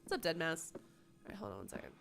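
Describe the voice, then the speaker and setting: Woman, gaming streamer, playful sarcastic commentary, lively voice, faint ambience. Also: deep voice, fast talker, gravelly, noisy background. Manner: playful, sarcastic, swears freely. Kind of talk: live game commentary.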